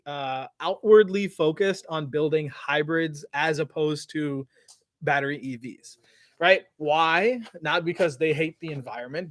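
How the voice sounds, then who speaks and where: A man co-hosting a casual livestream Q&A, talking in an animated, slangy way and often repeating his words. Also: a little high, dry recording, clean studio sound. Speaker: co-host answering viewer questions.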